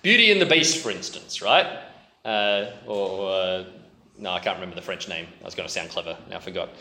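A man's voice: low-pitched, expressive, brisk, sharp tone. Male preacher, casual sermon, self-deprecating, lots of ums, echoey room. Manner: chatty, self-deprecating, many fillers and restarts. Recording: roomy echo.

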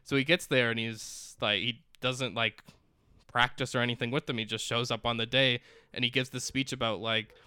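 A man chatting casually, retelling a story in an animated way, with lots of "like". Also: mid-range voice, normal speed, clear, resonant tone, dry recording, clean studio sound. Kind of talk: casual chat.

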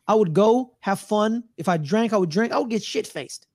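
A man's voice: sits high, expressive, normal speed, darkish tone, dry recording, clean studio sound. A man co-hosting a sports podcast, ranting in a loose, slangy way and repeating himself. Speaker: podcast co-host. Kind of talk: casual sports chat.

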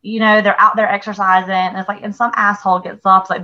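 A middle-aged woman telling stories in a casual podcast chat, animated, laughing and swearing freely. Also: medium pitch, quick pace, dull audio. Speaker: podcast co-host.

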